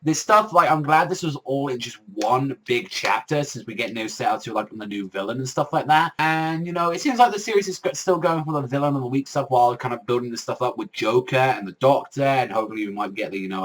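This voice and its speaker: A man's voice: medium pitch, animated, fast talker, hardly any pauses, a bit bright. A young man casually reviewing a manga chapter, rambling with heavy swearing and constant filler words.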